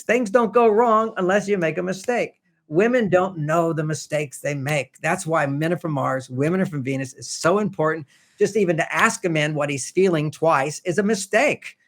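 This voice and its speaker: A man's voice: fairly high pitch, moderate pace, fairly bright tone. An older man, a relationship author who is a podcast guest, tells stories in a conversational way and acts out the lines of the people in them. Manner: anecdotal, acts out quoted dialogue. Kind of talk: conversational storytelling.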